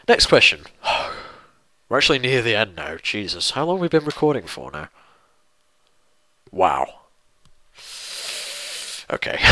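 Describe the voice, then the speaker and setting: Rambling young English man, lively. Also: medium pitch, no echo. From England. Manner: rambling, self-deprecating, mild swearing. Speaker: YouTuber answering viewer questions. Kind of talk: casual Q&A monologue.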